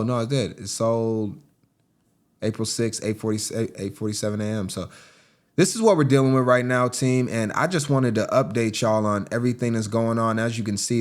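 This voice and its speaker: A man, a gaming vlogger, chatting casually to viewers as "team" while walking through listings on screen, with excitable bursts. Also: lowish voice. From United States. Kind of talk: casual screen-recording commentary.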